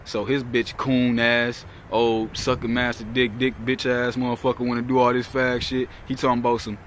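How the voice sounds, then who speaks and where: A man's voice: medium pitch, flat delivery, moderate pace, hardly any pauses. A young man holds forth outdoors in a mid-range voice. He rambles through a heated, swear-heavy story. Faint traffic hums behind him. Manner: heated, profane, rambling retelling. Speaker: vlogger. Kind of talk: casual storytelling.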